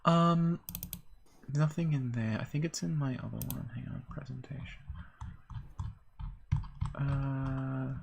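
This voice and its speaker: A woman's voice: extremely low pitch, fairly even intonation, slow pace, gravelly, pauses often, dull audio, a little hiss or hum. A woman co-hosting a live stream, talking casually about game lore in a rambling, hesitant way with many fillers.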